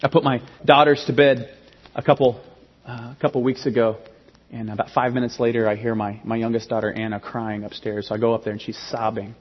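Male pastor, husky voice, emphatic sermon delivery, long hall echo, dull lo-fi sound. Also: mid-range voice, fairly quick. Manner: animated, emphatic preaching with many restarts.

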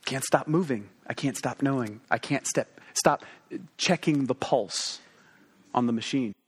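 Male preacher, thirties, mid-range voice; tells stories casually, then slows down hard on key lines. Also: medium pitch, husky. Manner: conversational, swings between quick asides and slow emphatic pauses. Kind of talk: sermon storytelling.

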